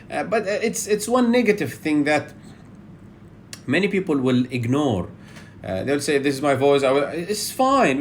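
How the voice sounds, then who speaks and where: A Bahraini man with a Bahraini accent, lecturing on public speaking in a lively, swooping voice that sits a little high for a man. He keeps checking in with the audience with a quick "yeah" and fills pauses with "uh". Faint background noise sits under the voice. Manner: animated, repeats "yeah" as a check-in, with frequent fillers.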